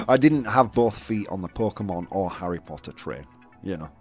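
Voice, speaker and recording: Lively chatty man hosting a show. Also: on the low side, moderate pace, soft background music. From United Kingdom. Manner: rambling, many fillers and restarts. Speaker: host. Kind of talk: casual chat show.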